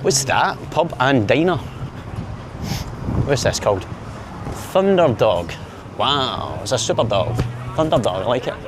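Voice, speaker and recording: A man's voice: medium pitch, very animated, a little slow, pauses often, music in the background. A man with a Glaswegian Scottish accent, rambling playfully and mocking himself as he films a walking vlog outdoors on a busy city street. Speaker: vlogger. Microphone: camera mic while walking.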